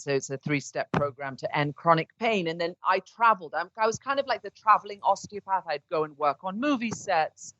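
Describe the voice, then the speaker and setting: A woman's voice: deep voice, no echo, dull audio. A woman from Greece, an osteopath guest on a podcast interview, explaining her work in a chatty, step-by-step way. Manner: conversational, explains step by step with lively asides.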